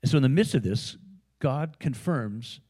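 A man's voice: medium pitch, expressive, normal speed, warm tone, breathy edge. A man with an American accent preaching a sermon in a conversational, storytelling way, with frequent fillers and asides. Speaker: pastor.

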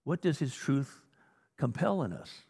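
Blunt gravelly male preacher in a hall. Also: medium pitch, sing-song, measured pace, darkish tone. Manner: blunt, exhorting, rhetorical questions. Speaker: pastor. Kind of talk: sermon.

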